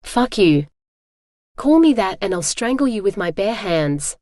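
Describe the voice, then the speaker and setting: Furious, defiant young female captive voiced by a synthetic woman narrator, mid pitch, dry sound. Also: very animated, measured pace, no echo. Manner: sharp, defiant.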